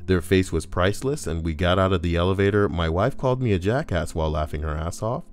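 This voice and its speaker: Reading Reddit posts fast in a low-pitched voice, this YouTuber peppers the stories with crude jokes as comedic commentary. Faint music sits in the background.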